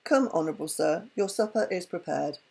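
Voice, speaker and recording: A woman's voice: on the low side, lively intonation, brisk, gravelly, dark tone, slightly rough, heavily acted. A woman voicing a poor, humble old man, a merchant who speaks courteously in a storybook reading.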